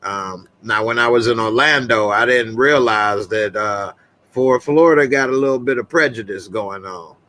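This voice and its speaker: A man's voice: lowish voice, normal speed, pushed and bright. A man hosting a live talk stream, chatting casually and telling loose stories full of slang, often breaking into laughs.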